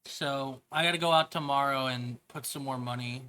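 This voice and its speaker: A woman's voice: a bass voice, fairly even intonation, normal speed, a bit bright. A woman streamer chatting casually to her viewers, offhand and rambling. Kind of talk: casual chat.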